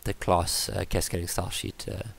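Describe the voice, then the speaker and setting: A man explaining web page coding in a screen-recorded tutorial, his voice worn from illness, halting with many ums and restarts. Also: deep voice, flat delivery, gravelly, husky. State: voice going from illness. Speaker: tutorial presenter.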